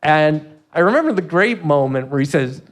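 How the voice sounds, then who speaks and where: A man in his sixties, a comedy writer telling stories in an interview, animated and laughing often as he acts out quotes. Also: a little high, normal speed. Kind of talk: storytelling in a podcast interview.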